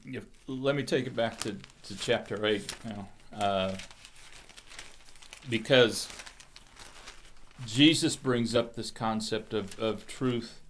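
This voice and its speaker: A man explains Bible passages to a class, mixing read-aloud verses with his own commentary. His delivery is halting, with frequent repeated words as he gathers his thoughts. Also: on the low side, a bit bright, slight background noise. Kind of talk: Bible study explanation with scripture reading.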